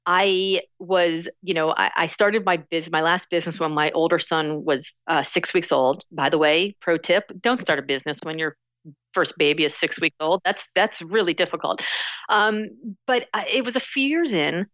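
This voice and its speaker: Woman, middle-aged, animated storyteller, interview guest, dry close sound, dull lo-fi audio. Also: lowish voice, normal speed, no room sound. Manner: animated, acts out inner voices, many restarts. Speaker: guest author.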